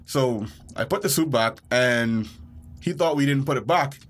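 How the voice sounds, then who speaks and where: A man co-hosting a podcast, telling a childhood story in a casual way and jumping into high, panicked yelps when he acts out his own part. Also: measured pace, fairly bright tone. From Bahamas. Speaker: podcast co-host.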